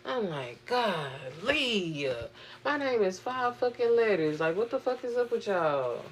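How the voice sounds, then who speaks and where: A young woman vlogging, venting in a profane, animated, exasperated way. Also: mid-range voice, measured pace, slight background noise. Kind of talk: casual venting monologue.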